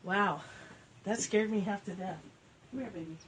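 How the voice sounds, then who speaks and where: A woman's voice: mid-range voice, moderate pace, heavy background noise. A woman hosting a casual livestream from home, reading spiritual passages and chatting, laughing often as her cats interrupt. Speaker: live-stream host. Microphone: phone or webcam livestream.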